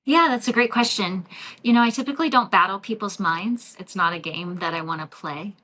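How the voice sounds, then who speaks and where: A woman energy healer talking in a relaxed podcast interview, reflective and loose, with many fillers and light laughs. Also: medium pitch, a little fast, low-quality recording. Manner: warm, reflective, frequent fillers and soft laughs. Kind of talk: casual interview talk.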